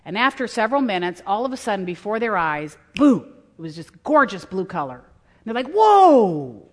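A woman's voice: mid-range voice, lively intonation, a little fast, a bit bright. Middle-aged woman speaker, earnest sermon storyteller, echo of a large hall. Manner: earnest storytelling, voices quotes. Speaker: women's conference speaker. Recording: long hall reverb.

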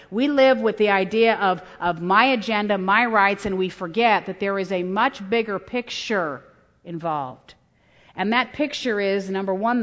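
A woman's voice: medium pitch, a bit bright. Middle-aged woman speaker, earnest sermon storyteller, echo of a large hall. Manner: earnest storytelling, voices quotes. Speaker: women's conference speaker. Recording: long hall reverb.

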